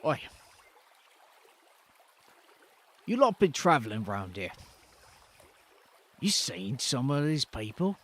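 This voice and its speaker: A man's voice: mid-range voice, very animated, unhurried, a bit bright, slightly rough, pitched below the performer's own voice, exaggerated voice. Man doing a rambling camper with a put-on British twang. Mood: gruff chatty. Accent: put-on British-style accent. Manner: rambling, repeats himself, drops words. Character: rowdy male roadside camper, chatty and suspicious.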